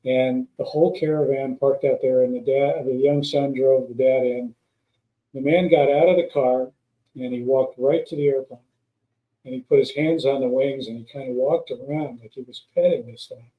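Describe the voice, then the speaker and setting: A man's voice: mid-range voice, fairly even intonation, normal speed, phone-quality sound. A man, a guest pilot, telling long rambling anecdotes in a casual chat, with many restarts. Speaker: guest, former stunt pilot. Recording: roomy echo.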